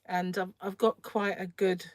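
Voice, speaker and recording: A croaky woman hosting a casual crochet livestream from home, chatting and rambling while she works and often clearing her throat. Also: mid-range voice, little pitch movement, unhurried, dry recording. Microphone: phone.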